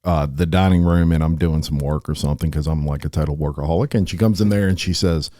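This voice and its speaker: A man's voice: rumbling low, fast talker, no room sound, studio quality. A middle-aged man, hosting a podcast and telling folksy stories in a casual interview chat. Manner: folksy storyteller, lively and laughing. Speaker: podcast host.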